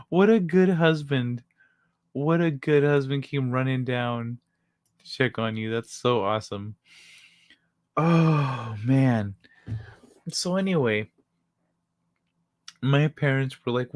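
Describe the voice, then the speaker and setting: A live-stream host spins a childhood story for the chat at a slow, unhurried pace, breaking into laughter again and again. The talk is loose and peppered with swearing. The voice sits dry and close, with no room sound around it. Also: mid-range voice, darkish tone, no echo. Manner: laughs often, loose and profane.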